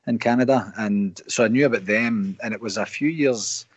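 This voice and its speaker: A man's voice: on the low side, moderate pace, husky, no echo. A middle-aged Scottish man with a Paisley accent, a supporters' association president chatting as a guest on a call-in show, telling stories with many restarts. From Scotland. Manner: chatty, restarts often, relaxed storytelling. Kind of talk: casual chat.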